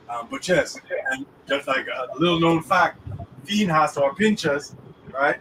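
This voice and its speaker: A man's voice: mid-range voice, moderate pace, sharp tone. A man hosting a casual chat about the weekly Torah portion, using street slang and often checking that the listener follows him. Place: inside a moving car. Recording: distant mic in a car with faint road noise.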